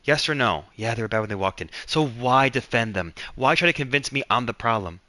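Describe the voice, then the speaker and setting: Man, young adult, livestream host, exasperated animated rant, bright tone, dry close sound. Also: mid-range voice, brisk, no echo. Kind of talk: ranting story on a livestream.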